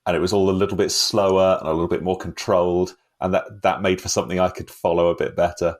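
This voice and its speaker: Low-voiced man discussing a film. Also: flat delivery, quick pace. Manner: rambling, self-interrupting with laughs. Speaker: film podcast host.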